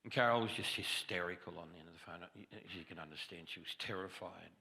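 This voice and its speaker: A man's voice: sits low, quick pace, gravelly, bright, forceful tone, long reverb tail. A man giving a testimony sermon in a conversational storytelling way, with self-deprecating humor. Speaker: guest preacher. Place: church sanctuary.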